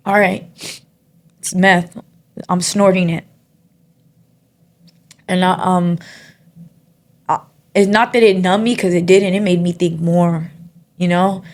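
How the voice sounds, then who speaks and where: Soft-spoken woman telling her testimony. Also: lowish voice, steady tone. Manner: soft-spoken and halting, with many pauses and fillers. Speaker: interview guest. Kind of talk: personal testimony in casual conversation.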